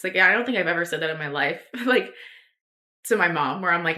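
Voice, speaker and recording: A woman's voice: on the low side, fairly quick, bright, forceful tone. A young woman telling a personal story on her podcast, rambling with lots of fillers and restarts. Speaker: podcast host.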